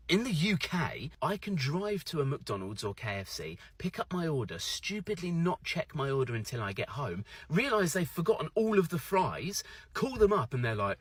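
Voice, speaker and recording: A British man telling a self-mocking anecdote to camera in a casual, animated way. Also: a little high, moderate pace, breathy edge, dry recording. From Britain.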